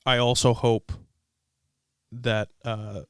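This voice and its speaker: A young man hosting a podcast in casual chat, emphatic and animated, repeating words for stress. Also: mid-range voice, takes it slowly, clear, resonant tone, no echo, clean studio sound. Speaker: podcast host.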